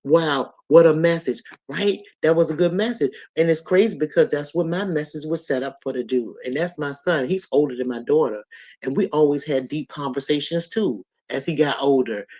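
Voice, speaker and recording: A woman's voice: sits low, moderate pace, mellow. A woman in her sixties hosting a casual live stream, chatting loosely with viewers and reading their comments out as she goes. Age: 60s.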